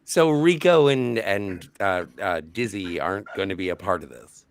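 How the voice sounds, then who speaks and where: Lively, rambling man on a stream. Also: sits low, moderate pace, creaky. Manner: joking, rambling, teasing. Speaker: co-host. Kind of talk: casual late-night stream chat.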